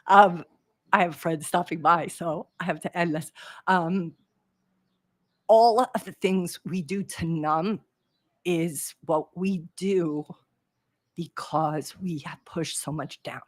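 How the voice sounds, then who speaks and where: Husky woman coaching live. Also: fairly low pitch, slow, long pauses. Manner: animated, chatty, reads out viewer comments. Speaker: trading coach, live show host. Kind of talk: live-stream coaching chat with viewers.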